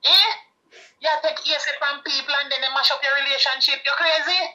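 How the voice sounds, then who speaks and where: An actress with a Jamaican accent playing a bossy middle-aged mother who lectures and scolds her grown daughter loudly. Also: high-pitched, a little fast, highs cut off. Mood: furious. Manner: scolding, loud, preachy, bursts of shouting. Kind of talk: film dialogue.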